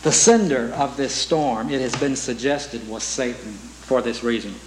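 A man's voice: medium pitch, a little slow, roomy sound, slight background noise, rough recording. A man preaching a sermon in an earnest way, asking rhetorical questions and reciting hymn lyrics.

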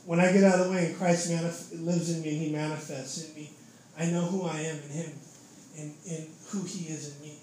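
A young man gives a casual preaching testimony in a voice on the high side, level in tone, a little fast and darkish. He's fervent and informal, constantly dropping "man" and "dude," and the room is very echoey with faint noise.

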